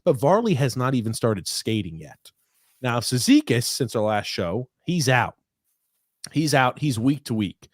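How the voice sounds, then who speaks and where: A man's voice: medium pitch, sing-song, dry recording, clean studio sound. A man co-hosting a casual sports watch-along podcast, chatty and teasing. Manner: teasing, chatty, talks fast at times. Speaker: podcast co-host.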